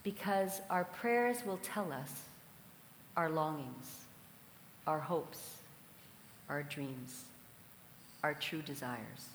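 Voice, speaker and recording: A woman preaching a sermon in a large hall, telling a story and asking reflective questions at a measured pace. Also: low-pitched, slight background noise. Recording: echoey hall with long reverb.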